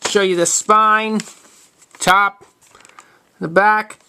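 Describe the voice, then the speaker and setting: A man in his twenties showing items from his collection in a casual vlog, talking in a halting, matter-of-fact way and often restarting words. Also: sits high, fairly even intonation, pushed and bright. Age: 20s. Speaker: video collector showing tapes. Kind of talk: casual show-and-tell vlog.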